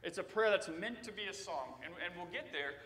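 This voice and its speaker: A man preaching in a church sanctuary, his voice high and bright. He talks conversationally, then builds to loud cries on the passages he quotes. The sound rings with a long, echoey church reverb. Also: animated, fairly quick, recorded from a distance. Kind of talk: sermon.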